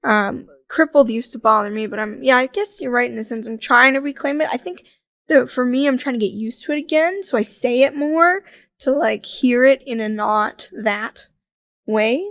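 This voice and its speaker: Lively young woman telling stories. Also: a little high, normal speed, no room sound. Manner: animated storyteller, acts out quoted voices, laughs often. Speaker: podcast guest. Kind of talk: casual conversational interview.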